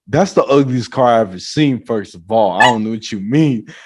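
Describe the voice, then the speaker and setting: A man hosting a podcast in a laid-back, casual chat, reacting quickly and laughing often. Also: mid-range voice, lively intonation, noisy background. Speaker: podcast host.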